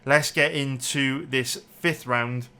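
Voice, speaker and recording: A man's voice: mid-range voice, fairly even intonation, takes it slowly, bright, forceful tone, clear, resonant tone. A man angrily breaking down a mixed martial arts fight round by round, swearing and repeating himself as he gets worked up. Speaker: MMA betting analyst. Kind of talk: angry fight breakdown commentary.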